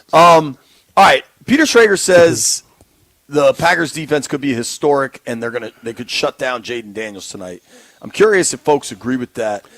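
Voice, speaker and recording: Gravelly, laid-back sports radio host. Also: male voice, medium pitch, lively intonation, normal speed, a bit bright, dry recording. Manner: laughs easily, hesitant with fillers. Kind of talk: casual sports radio talk. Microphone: studio microphone.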